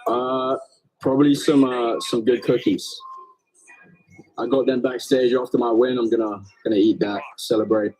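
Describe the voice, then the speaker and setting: A man's voice: mid-range voice, fairly even intonation, normal speed, dark tone, rough recording. A man boxer answering interview questions backstage in short, confident phrases.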